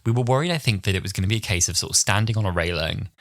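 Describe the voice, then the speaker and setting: A man's voice: lowish voice, racing, no echo. A man in his twenties from London, co-hosting a podcast in casual chat and acting out the people in his stories. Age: 20s. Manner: animated storyteller, acts out quotes. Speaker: podcast co-host.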